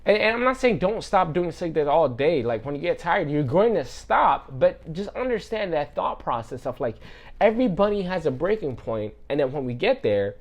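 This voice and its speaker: A man giving a casual devotional sermon in an earnest, conversational way, often leaning on fillers. His voice has a gravelly fry at the ends of phrases. At times he drops to a hushed, quiet delivery. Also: a little high, very animated, moderate pace. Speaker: preacher.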